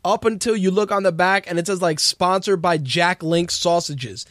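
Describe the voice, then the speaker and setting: A man's voice: sits high, moderate pace, fairly bright tone, dry recording, clean studio sound. A man hosting a radio talk show, ranting in casual, profane commentary and sounding exasperated. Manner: ranting, exasperated, swears freely.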